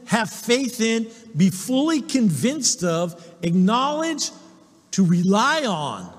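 A man's voice: sits high, in a large hall. A male pastor preaching a sermon, emphatic, often asking the congregation "Amen?". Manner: emphatic preaching, repeated call-and-response "Amen?". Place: church sanctuary.

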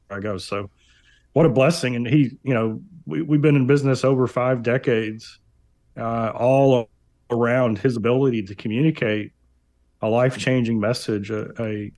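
A man speaking as a guest on an interview podcast, reflecting in a measured way with frequent fillers and repeated words. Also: mid-range voice, a little mellow. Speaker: guest, business owner. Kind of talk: interview conversation.

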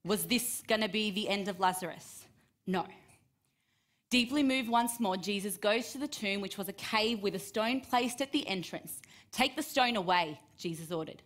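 A woman's voice: medium pitch, moderate pace. Woman preacher retelling scripture expressively. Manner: expressive, acts out quoted voices with rising emphasis. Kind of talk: sermon reading and retelling scripture.

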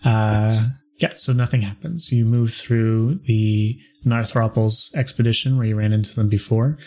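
Game master, male, low-ish voice, flat easygoing narration. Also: a little slow. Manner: relaxed, self-described monotone narration. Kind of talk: running a tabletop game over a call.

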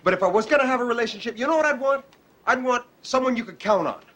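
A man's voice: very high-pitched, animated, quick pace, bright, forceful tone, heavily acted. An actor playing an awkward, defensive male cop in a TV drama, evasive and hiding his feelings. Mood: flustered. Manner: evasive, flustered, hides feelings. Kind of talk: TV drama acting.

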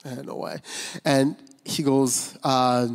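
In a church sanctuary, a male pastor shares his personal testimony candidly and conversationally, full of fillers and restarts. He speaks slowly in a smooth, medium-pitched voice with little pitch movement, while the big hall's long reverb lingers.

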